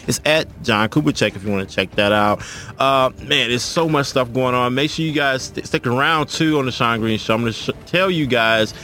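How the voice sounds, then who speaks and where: A man hosting a radio talk show, asking halting questions with many fillers and giving upbeat plugs. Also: mid-range voice, sharp tone.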